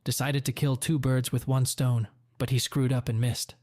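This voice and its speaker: A man's voice: medium pitch, little pitch movement, moderate pace, darkish tone, no room sound, clean studio sound, lightly acted. A man voicing a blunt, confrontational middle-aged father in a story reading. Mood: angry.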